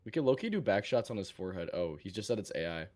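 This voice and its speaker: A man trading crude banter with friends on a stream. His voice is fairly low, and he keeps up a mocking, teasing stream of jabs. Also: sing-song, fast talker, a little mellow.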